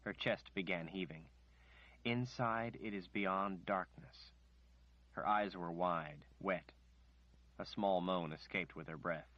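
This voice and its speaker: A man narrating an audiobook in a measured, steady storytelling manner. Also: sits low, dry recording. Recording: dry, slightly muffled recording.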